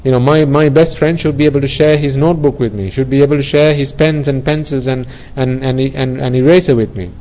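A man's voice: mid-range voice, fairly even intonation, brisk, hardly any pauses, darkish tone, low-quality recording. A man giving an earnest Buddhist dharma talk, explaining ideas through everyday examples and often repeating himself. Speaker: Buddhist teacher.

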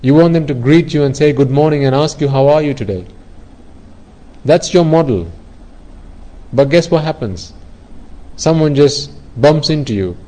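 A man's voice: on the high side, moderate pace, long pauses, warm tone, poor audio. A man giving an earnest Buddhist dharma talk, explaining ideas through everyday examples and often repeating himself. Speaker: Buddhist teacher.

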